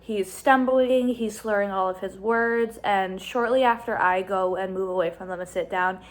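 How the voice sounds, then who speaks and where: A young woman vlogging a casual storytime in a chatty, exasperated way, rushing through phrases. She talks into a handheld phone, first while walking outdoors at night and later at home. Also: medium pitch.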